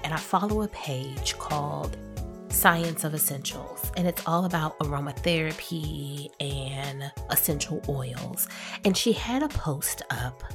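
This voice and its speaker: A woman hosting a solo podcast, talking through her topic in a measured, explanatory way with a husky voice. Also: low voice, animated, music in the background. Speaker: podcast host.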